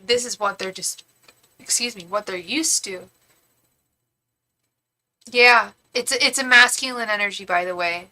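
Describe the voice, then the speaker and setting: A young woman who works as a tarot reader and psychic medium does a live reading, speaking in a rambling, frank way with casual swearing and many restarts. Her voice is medium-pitched with a sharp tone.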